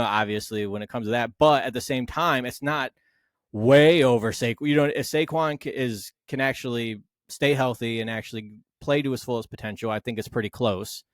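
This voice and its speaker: A man co-hosting a casual sports podcast, arguing his side with animated, swearing talk. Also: medium pitch, no room sound, studio quality. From Philadelphia Eagles fan. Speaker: podcast co-host.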